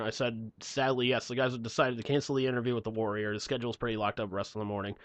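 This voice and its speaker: A man co-hosting a casual podcast chat, laughing often, clearing his throat and trailing off as he reads. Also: mid-range voice, level tone, very fast, no echo. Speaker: podcast co-host.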